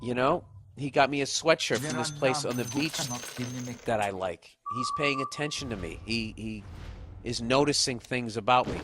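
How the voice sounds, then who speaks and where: A man hosting a comedy podcast, ranting advice in a blunt, profane, animated way. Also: mid-range voice, moderate pace, heavy background noise.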